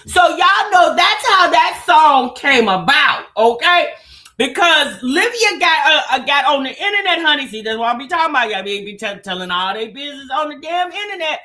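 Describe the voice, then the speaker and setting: Lively high-voiced woman hosting gossip talk. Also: moderate pace. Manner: animated, talks straight to the chat with "baby" and "child". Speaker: commentary show host. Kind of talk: gossip commentary livestream.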